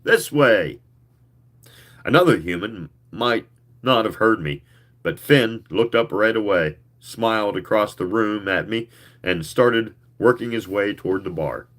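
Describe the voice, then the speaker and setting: A man reading a novel aloud, expressive and sometimes stumbling over words. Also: fairly low pitch, unhurried. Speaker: reader.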